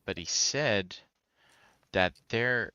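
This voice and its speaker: A man's voice: lowish voice, very slow, bright, forceful tone, clean tone, no echo, dull audio. A man hosting a casual chat about collectibles, rambling and swearing casually as he talks. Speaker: host. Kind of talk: casual chat while collecting and sorting figures.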